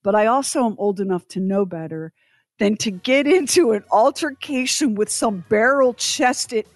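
A woman telling a personal story in an animated, emphatic way, rising to loud indignation. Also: on the high side, normal speed, no echo, soft background music. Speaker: guest storyteller.

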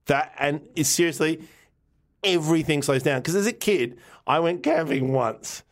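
A man's voice: a little high, normal speed. A man in a loose, casual chat. He rambles through his stories and restarts his sentences as he goes. He laughs easily and swears without a second thought. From Australia. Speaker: podcast co-host.

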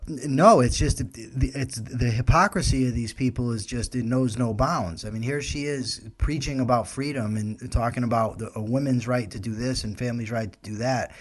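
A man's voice: mid-range voice, moderate pace, few pauses. A man calling in as a radio guest, ranting indignantly with repeated questions. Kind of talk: opinion commentary on the radio. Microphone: remote hookup.

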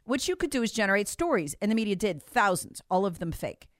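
A woman's voice: mid-range voice, very animated, quick pace, no room sound. Emphatic woman, close dry mic. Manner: emphatic, repeats points, acts out others' voices. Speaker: political commentator guest. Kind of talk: animated political talk.

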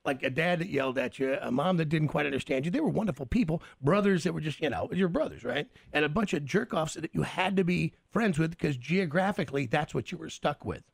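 Husky, gravelly animated man. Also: fairly high pitch, brisk, hardly any pauses, dry recording. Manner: animated, swearing storyteller. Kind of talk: casual storytelling chat.

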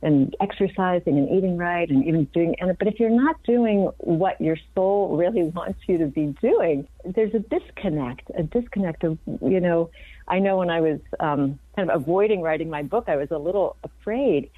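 This physician in her fifties talks in an interview with a fairly low, expressive voice at normal speed, with a breathy edge. She speaks earnestly and reflectively, frequently starting sentences over. The remote recording is dry and phone-like, with no room sound.

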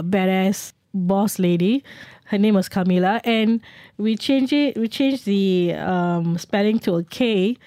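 A middle-aged woman, a guest telling travel stories in a chatty, lively way. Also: mid-range voice, no room sound, clean studio sound. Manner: chatty, lively anecdotes with fillers. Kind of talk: casual storytelling.

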